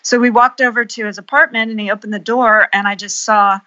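A woman's voice: medium pitch, steady tone, brisk, pushed and bright, lo-fi sound. A woman photographer, a guest on a podcast, telling anecdotes in a conversational way with some hesitant fillers. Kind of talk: conversational storytelling.

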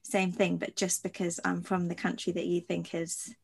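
Woman host, low gravelly voice, reflective rambling interviewer. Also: completely flat delivery, moderate pace. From London. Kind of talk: conversational interview.

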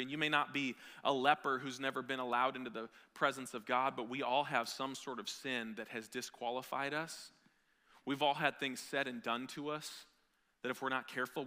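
A man preaching a sermon as pastor, animated, with jokey asides and acted-out scenes. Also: mid-range voice. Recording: long hall reverb.

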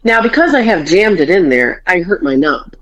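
A woman's voice: lowish voice, sing-song, moderate pace. A woman hosting a casual podcast, telling a story with bawdy humor and acting out both sides of a conversation. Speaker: podcast host. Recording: dull lo-fi podcast audio.

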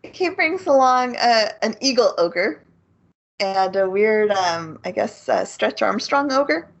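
A woman's voice: mid-range voice, animated, takes it slowly, gravelly. A woman co-hosting a casual anime podcast, recapping the plot with giggles and frequent ums. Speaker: podcast co-host. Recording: slightly dull lo-fi recording.

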